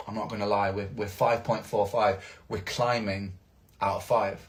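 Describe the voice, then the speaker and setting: A man's voice: lowish voice, level tone, normal speed. A man talking casually to viewers in a wry, self-mocking way, swearing freely. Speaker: streamer in a played clip.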